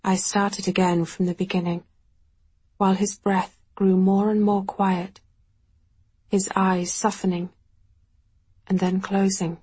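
A woman narrating an audiobook in the first person, her voice deeply breathy and husky. She reads slowly, in a quiet, measured and reflective way. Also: little pitch movement.

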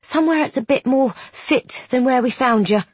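Woman doing a blunt country nun, higher voice, drops her letters, proud. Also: normal speed, husky, dry recording. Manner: rustic dropped-letter speech.

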